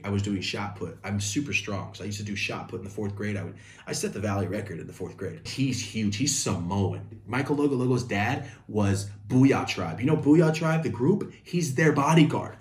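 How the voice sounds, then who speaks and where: A young man telling a casual story-time video, animated, speaking straight to his viewers. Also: on the low side, brisk, few pauses, roomy sound.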